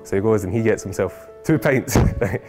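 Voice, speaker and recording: A man telling a family anecdote in a lively, animated, chuckling way. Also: fairly low pitch, moderate pace. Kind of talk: casual storytelling. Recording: music behind.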